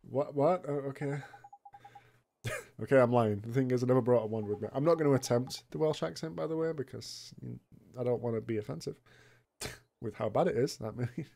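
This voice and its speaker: Guy doing a let's play, mellow voice, laughs a lot, swears, jokey. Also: mid-range voice, a little fast, vocal fry. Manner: laughing often, swearing, joking asides. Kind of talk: gameplay commentary.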